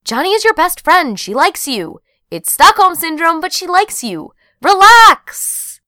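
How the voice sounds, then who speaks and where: A woman's voice: very high-pitched, big pitch swings, a little slow, pushed and bright, no room sound, clean studio sound, pitched above the performer's own voice, full character voice. A woman reading an audiobook voices a cheerful, reassuring sister who speaks emphatically.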